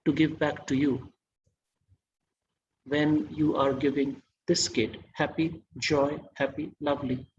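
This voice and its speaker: A man's voice: a little high, level tone, slow, muffled recording, a little hiss or hum. A man giving an online masterclass lecture, quizzing his audience and praising their answers.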